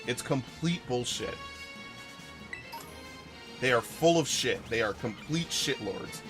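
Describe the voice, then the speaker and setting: A man with a sharp-toned, mid-range voice is live-streaming a video game. His commentary is an angry rant packed with swearing and stumbling restarts.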